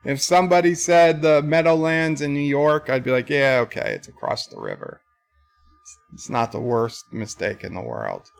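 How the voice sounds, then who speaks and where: A man's voice: medium pitch, lively intonation, normal speed, gravelly. A man hosting a casual livestream, singing along to list songs and reading viewer chat aloud with jokes. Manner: sings list songs then reads chat aloud, joking. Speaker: livestream host.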